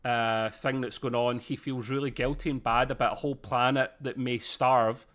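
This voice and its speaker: A man's voice: mid-range voice, level tone, normal speed, fairly bright tone. Chatty man reviewing an episode. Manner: chatty, laughing, filler-heavy. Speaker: podcast co-host. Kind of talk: casual review chat.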